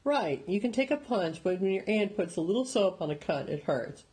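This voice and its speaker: A man reading a motherly aunt who gently chides her nephew. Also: high voice, lively intonation, normal speed, pitched above the performer's own voice. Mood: teasing, gentle. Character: motherly aunt tending a cut.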